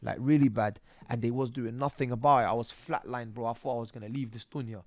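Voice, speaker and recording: A man, a podcast guest telling his stories in casual street slang, often tagging lines with "bro" and "yeah" and getting animated. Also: mid-range voice, fast talker, dry recording. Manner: animated, rising when excited. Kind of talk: casual interview storytelling.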